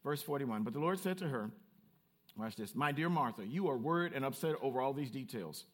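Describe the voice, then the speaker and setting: A man pastor preaching a sermon, animated and playful, calling out to members of the congregation. He has a Southern Black way of speaking. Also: medium pitch, fairly quick. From United States.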